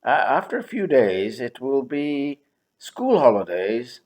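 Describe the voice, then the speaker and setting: Smooth persuasive male boss, read by a man, lively rising pitch, unhurried.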